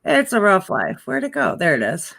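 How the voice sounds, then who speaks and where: Woman vlogger, bright tone, rambling casual chat at home. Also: medium pitch, sing-song, moderate pace, gravelly. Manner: chatty, rambling, coos to a puppy. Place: home indoors.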